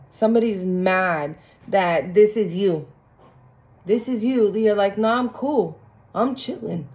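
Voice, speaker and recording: A woman's voice: mid-range voice, a little mellow, lo-fi sound. Blunt, profane woman reading tarot. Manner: blunt, profane, acts out quoted people in sing-song voices. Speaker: tarot reader. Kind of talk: casual spiritual reading to camera.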